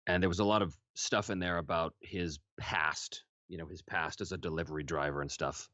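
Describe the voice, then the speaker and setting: A man being interviewed as a voice actor guest, telling stories in a relaxed, candid way with the odd casual swear. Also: low voice, brisk, no room sound. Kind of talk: interview storytelling. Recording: dull lo-fi sound.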